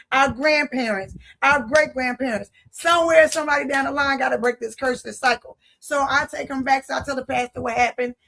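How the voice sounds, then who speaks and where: In a high-pitched, slightly bright voice, a woman from Philadelphia testifies about her faith. She narrates vividly, performing the dialogue, and turns to her listeners directly the way a preacher would.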